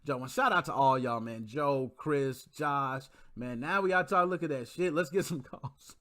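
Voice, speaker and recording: A man hosting his own gaming channel, chatting casually and reading out viewer comments in a joking, slangy way with quick laughs. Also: medium pitch, sharp tone, no echo, studio quality.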